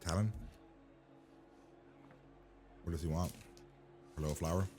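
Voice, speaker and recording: A man's voice: sits low, rapid-fire, a little mellow, a little hiss or hum. A man reacting to a TV episode for the first time, blunt and profane, firing incredulous questions at the screen. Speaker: reaction host.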